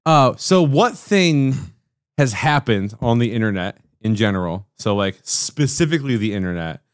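A man's voice: mid-range voice, expressive, normal speed, no room sound, clean studio sound. A man hosting a casual podcast chat, rambling and restarting his sentences, with exasperated asides. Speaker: podcast host.

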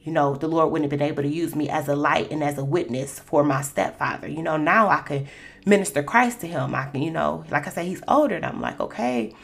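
A woman's voice: sits low, a little fast, gravelly. A woman hosting a Christian podcast, telling personal faith stories in a conversational way with lots of "you know.". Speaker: podcast host.

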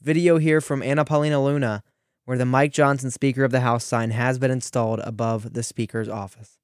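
A teenage man from Ohio hosting a radio show, delivering an animated, sarcastic political commentary with frequent restarts. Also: medium pitch, a little fast, no echo, clean studio sound. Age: teens.

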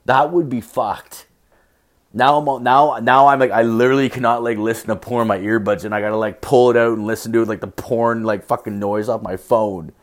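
A man's voice: mid-range voice, fairly even intonation, a little fast. A young man podcasting alone, telling rambling stories with constant swearing and filler words. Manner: profane, filler-heavy, storytelling. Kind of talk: casual rambling monologue.

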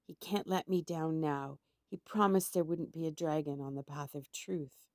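A woman's voice: low voice, fairly even intonation, normal speed, darkish tone, no echo, studio quality. Woman playing a jittery knight, blustering and panicky. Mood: anxious. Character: frightened boastful male knight.

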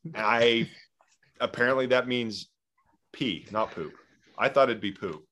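A man appearing as a podcast guest, self-mocking and quick to laugh. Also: medium pitch, a bit bright, a little hiss or hum. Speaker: podcast guest, content creator. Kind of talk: casual chat.

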